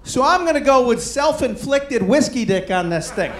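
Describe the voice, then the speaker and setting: A man doing stand-up comedy, telling a self-mocking story in an animated way and acting out bits of dialogue. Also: extremely high pitch, normal speed, reverberant, noisy background.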